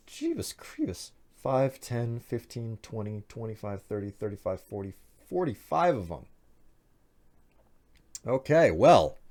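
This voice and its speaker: A man streaming a game live, talking casually and chattily to his viewers, often trailing off and restarting. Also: on the low side. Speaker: livestreamer. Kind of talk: casual livestream gameplay chat.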